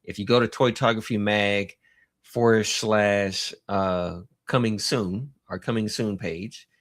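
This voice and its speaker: A man hosting a casual livestream, talking in a rambling, halting way and greeting chat viewers by name with chuckles. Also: on the low side, a bit bright. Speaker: livestream host.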